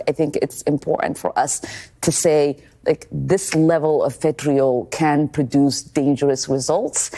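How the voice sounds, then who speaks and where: A woman politician with a low, mellow voice answers in a TV interview. She speaks haltingly, pausing on fillers and restarting her sentences. She sounds middle-aged. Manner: hesitant, many fillers and restarts. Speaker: congresswoman interviewed on TV.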